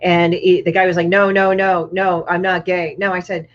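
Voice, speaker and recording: A woman's voice: fairly low pitch, little pitch movement, normal speed, few pauses. A woman, a guest comic artist, chatting casually and bluntly, swearing freely and acting out other people's lines. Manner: blunt, profane storyteller who acts out other people's lines. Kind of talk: casual podcast chat. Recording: dull, muffled lo-fi audio.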